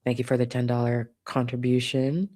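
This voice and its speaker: A woman's voice: very deep voice, flat delivery, moderate pace. A woman hosting a casual livestream, reading out and thanking viewers for their donations in a chatty manner. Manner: warm, chatty, swears casually. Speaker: livestream host.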